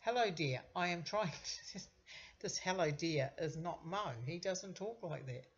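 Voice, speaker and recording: A woman's voice: fairly low pitch, unhurried. A middle-aged woman, a vlogger giving casual commentary with wry, sarcastic asides. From New Zealand. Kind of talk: casual commentary reading out messages. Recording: dull lo-fi recording.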